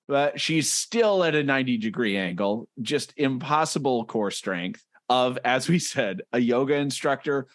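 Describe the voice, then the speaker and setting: Animated man hosting a comedy chat. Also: medium pitch, unhurried, few pauses, no room sound, studio quality. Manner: animated, reads comic panels aloud, laughs often. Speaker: podcast co-host.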